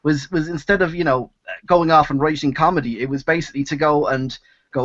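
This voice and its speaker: A man with a Dublin accent rambles through an anecdote on a group video call, restarting his sentences and leaning on "you know." His voice sits a touch high and sounds very bright. The sound is dry and muffled, like a headset on an online call. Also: steady tone, a little fast, dry recording. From Ireland. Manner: rambling storyteller, many fillers and restarts. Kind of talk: casual video chat.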